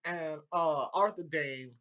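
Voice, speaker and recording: A man recapping a TV episode in a casual, excitable way, swearing often and breaking into laughter. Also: a little high, slow. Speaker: video reviewer. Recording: dull lo-fi home audio.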